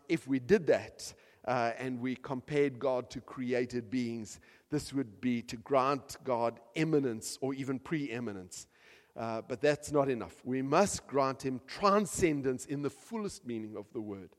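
A man preaching a sermon with emphatic delivery, rising to loud peaks and dropping to soft, quiet passages. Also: mid-range voice, a little slow. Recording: long hall reverb.

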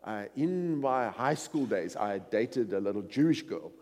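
A man's voice: lowish voice, expressive, a little slow, a little mellow. A middle-aged man preaching a sermon through rambling personal anecdotes full of fillers. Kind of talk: storytelling sermon. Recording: long hall reverb.

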